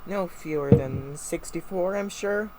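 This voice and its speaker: A casual reader voicing a stout, bearded, jovial clan father with a hearty, booming manner. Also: unhurried, very noisy, lightly acted.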